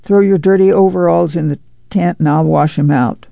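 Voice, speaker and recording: A man's voice: a little high, fairly even intonation, moderate pace, vocal fry, dark tone, no room sound, muffled recording. A man voicing a weary, proud middle-aged mother of a migrant family, with a drawl, plainspoken and firm. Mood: bustling.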